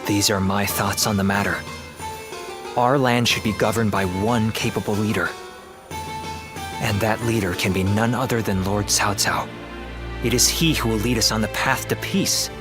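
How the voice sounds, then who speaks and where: A man's voice: fairly low pitch, steady tone, normal speed, lightly acted. An actor playing a courteous, persuasive male court strategist in a game, speaking formally and politely. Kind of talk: game voice acting. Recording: game audio with loud music.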